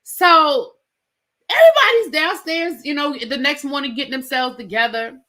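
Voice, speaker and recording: A bright, high-pitched woman with cadence runs through a reality TV episode. Her voice swoops up and down as she acts out the cast's lines and throws in slangy asides, all in an easy, chatty recap. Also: normal speed. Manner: animated storyteller acting out quotes, slangy asides. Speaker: reality TV reviewer. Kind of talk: casual recap commentary.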